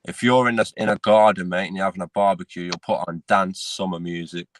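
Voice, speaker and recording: A man's voice: low voice, steady tone, brisk, a little hiss or hum. A man, co-hosting a casual podcast chat in a laid-back way, dropping "mate" and "innit" often. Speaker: podcast co-host.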